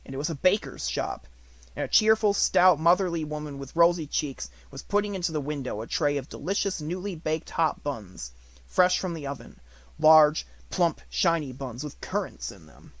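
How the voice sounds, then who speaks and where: A man's voice: on the high side, animated, no room sound. Man narrating a classic audiobook. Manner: measured storytelling, slows on descriptive words. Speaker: audiobook reader.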